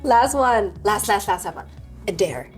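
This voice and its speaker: A woman's voice: mid-range voice, lively intonation, unhurried, over music. Playful female interviewer. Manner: playful, encouraging, laughs a lot. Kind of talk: light interview questions.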